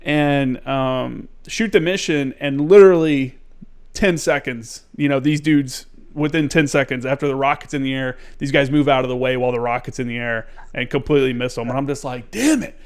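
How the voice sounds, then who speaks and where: Man, podcast host, smooth resonant voice, animated storyteller, casual swearing. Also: medium pitch, normal speed. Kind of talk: casual conversation.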